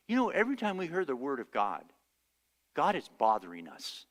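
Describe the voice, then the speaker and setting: A man's voice: a little high, huge pitch swings, moderate pace, fairly bright tone, long reverb tail. A male pastor preaching a sermon, telling stories and acting out the voices he quotes. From United States. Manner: storytelling, acts out quoted voices. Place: church sanctuary.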